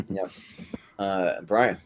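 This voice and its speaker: A man with a fairly low voice chats casually on a podcast. He jokes around and chuckles often while he makes his picks. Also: steady tone, drawn-out words. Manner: playful, joking, chuckles often. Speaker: podcast co-host. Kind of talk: casual group chat.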